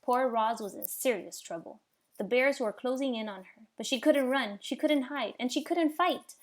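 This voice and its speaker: A woman reading a children's novel aloud in an expressive storytelling voice. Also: high voice, normal speed. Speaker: reader.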